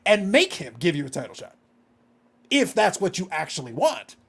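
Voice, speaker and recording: A man's voice: high voice, big pitch swings, normal speed, creaky, a bit bright, slightly rough. A man co-hosting a casual podcast, ranting with exasperation and swearing freely. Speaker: podcast co-host.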